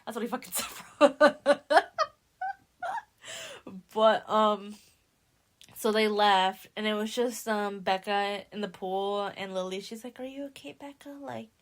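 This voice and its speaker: A woman's voice: mid-range voice, takes it slowly, pauses often, smooth. Slangy young woman gushing over a book. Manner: animated, slangy, acts out characters' lines. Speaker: podcast host. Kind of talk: casual book recap.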